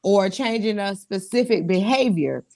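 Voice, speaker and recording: A woman co-hosting a casual talk show, animated and laughing often. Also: medium pitch, measured pace. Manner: animated, laughs often, talks to the audience directly. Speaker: podcast co-host. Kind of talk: casual chat.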